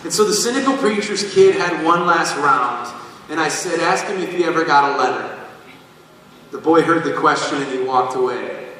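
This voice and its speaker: A man speaking to a live audience from a concert stage, his voice bright and forward. He tells his story with animation and pokes fun at himself. It is picked up from far off in a big hall with a long, ringing echo. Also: a little high, moderate pace, slight background noise. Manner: animated, self-deprecating storyteller. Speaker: singer addressing a concert audience. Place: large concert venue.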